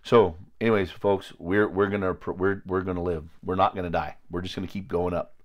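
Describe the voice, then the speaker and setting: Blunt low-voiced man preaching. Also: level tone, fairly quick, muffled recording. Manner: blunt, confrontational, crude at times, rambling with restarts. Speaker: lay preacher. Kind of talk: informal preaching to a small group.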